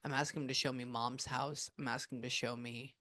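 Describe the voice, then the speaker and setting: A woman working as a medium, passing on a spirit's messages in a casual, chatty way with many pauses. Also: very deep voice, fairly even intonation, fairly bright tone. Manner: relays a spirit's words with quick asides and pauses. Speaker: psychic medium. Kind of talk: spirit reading session.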